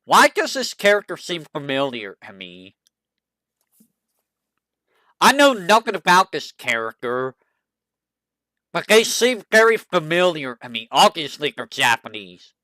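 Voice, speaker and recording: A VTuber streamer chatting casually, musing aloud, asking itself questions and reading character bios haltingly. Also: mid-range voice, big pitch swings, bright, forceful tone, no room sound. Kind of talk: casual stream chat, browsing game characters.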